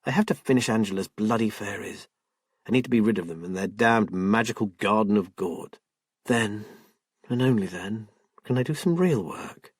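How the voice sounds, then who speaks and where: A man's voice: lowish voice, lively intonation, normal speed, slightly rough, no echo, studio quality. A man voicing a stressed, overworked woman who snaps impatiently and then breaks down, in an audiobook. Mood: contrite. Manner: sharp and impatient, turning tearful. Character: tense overworked woman artist, snappish.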